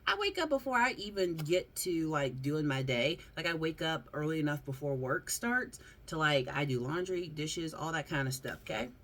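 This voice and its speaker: Low-voiced Southern woman chatting. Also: animated, normal speed, few pauses, fairly bright tone. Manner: chatty, goes off on rants, laughs often. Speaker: vlog host showing her figure collection. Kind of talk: casual chat.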